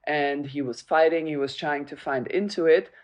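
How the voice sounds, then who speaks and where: A woman's voice: sits low, steady tone, normal speed, a little mellow. A woman co-hosting a tennis podcast, chatting casually and analytically and laughing easily. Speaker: podcast co-host, former player.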